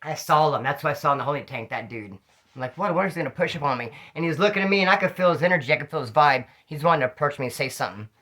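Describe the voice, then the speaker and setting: A middle-aged man telling rambling, slang-filled prison stories in a casual, animated way, a little tipsy. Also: on the high side, rapid-fire. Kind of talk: casual storytelling to camera.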